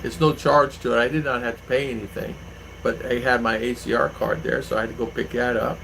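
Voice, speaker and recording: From his home in the Philippines, a man hosts his own channel, chatting casually with viewers and rambling through anecdotes with lots of fillers. His medium-pitched voice is creaky, fairly bright, a little fast and fairly flat in pitch. The rough recording carries a little hiss or hum.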